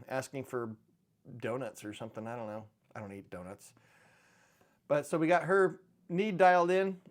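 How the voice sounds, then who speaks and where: A middle-aged man hosting a channel on precious metals, chatting casually and rambling with dry, offhand humor. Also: mid-range voice. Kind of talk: casual chat to camera.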